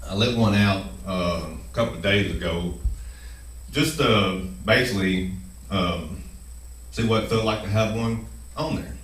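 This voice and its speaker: A man records his first video for his own channel, anxiously chewing gum while speaking with many fillers and false starts. His fairly low, fairly bright voice runs a little slow with frequent pauses, heard far from the mic in a roomy, rough recording.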